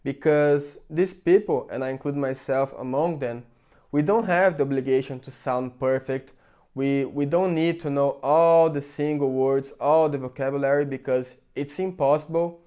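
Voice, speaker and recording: Brazilian man, smooth clear voice. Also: mid-range voice, fairly even intonation, normal speed, dark tone. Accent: Brazilian Portuguese. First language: Portuguese. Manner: earnest, chatty, many "like" fillers. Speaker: vlogger. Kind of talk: casual opinion talk to camera.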